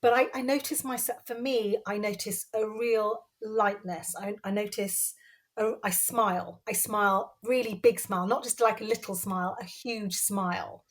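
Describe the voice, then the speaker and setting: A woman's voice: mid-range voice, steady tone, normal speed. A woman guest on a podcast, speaking earnestly and repeating phrases for emphasis. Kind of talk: casual conversational interview.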